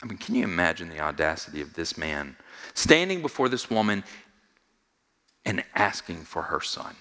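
This pastor's sermon has a sing-song lilt and a normal speed, with a long reverb tail behind it. He drives points home through repetition, asks the congregation questions, and alternates between hushed low asides and loud, high exhortation.

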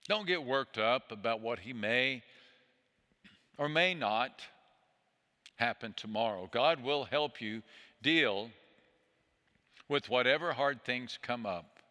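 A man preaching a sermon as a pastor, speaking in a gentle, soothing way that often sinks low and soft. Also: lively intonation, slow pace, pauses often. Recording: long hall reverb.

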